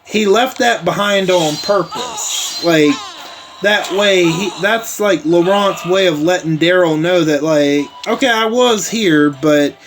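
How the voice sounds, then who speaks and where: A man's voice: sits high, slow pace, background noise. A man hosting a casual TV episode recap, rambling along with lots of "like" and "uh" fillers and some casual swearing.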